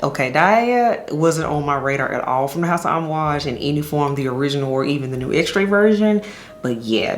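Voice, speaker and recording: A woman's voice: deep voice, expressive, brisk, faint music behind. A woman chatting to camera as a fragrance reviewer, enthusiastic, calling her viewers y'all. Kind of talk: casual vlog chat to camera. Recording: echoey room with faint ambience.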